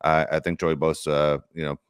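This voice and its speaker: A middle-aged man hosting a sports podcast, telling stories in casual, animated chat. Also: rumbling low, normal speed, clear, resonant tone. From Los Angeles area. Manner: storytelling, animated, swears casually. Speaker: podcast host.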